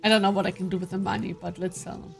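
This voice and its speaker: A woman's voice: mid-range voice, little pitch movement, rapid-fire, vocal fry, faint music behind. A woman playing a story game, reading its narration aloud and adding chatty asides of her own. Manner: chatty asides between read-out passages. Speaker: game player. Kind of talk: let's play commentary, reading game text aloud.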